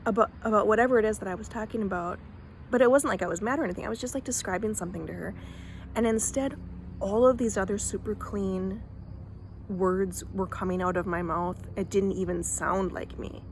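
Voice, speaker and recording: A woman talking casually to camera outdoors in a faith vlog, chatty and animated, with lots of fillers and restarts. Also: medium pitch, moderate pace, slight background noise. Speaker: vlogger. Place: outdoors in bright sun.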